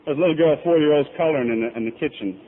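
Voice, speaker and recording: A man's voice: on the high side, racing. A middle-aged man telling his recovery story at a convention, candid and self-mocking. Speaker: recovery speaker. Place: convention hall. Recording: tinny lo-fi tape with faint hiss.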